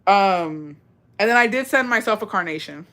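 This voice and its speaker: A woman's voice: medium pitch, lively intonation, normal speed, a bit bright. Storytime vlogger, woman in her thirties, foul-mouthed and gossipy, slips into Spanish, mid-range voice. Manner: profane, gossipy, mixes in Spanish phrases. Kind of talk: casual storytelling.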